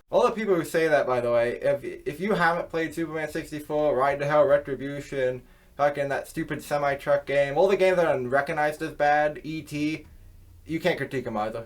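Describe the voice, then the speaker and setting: A young man, a YouTuber, ranting to camera in a rambling, scornful way and swearing constantly. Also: medium pitch. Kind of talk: profane rant to camera.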